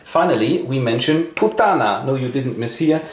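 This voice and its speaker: A man's voice: medium pitch, expressive, moderate pace. A man narrating a play summary as host, with dry, ironic asides. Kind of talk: wry scripted literary retelling. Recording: echoey room, faint hiss.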